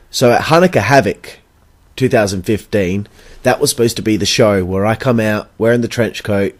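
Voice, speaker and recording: A young Australian man with a fairly low voice tells a story on his podcast in a blunt, casual way. He swears freely and acts out both sides of past conversations. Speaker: podcast host and backyard wrestler.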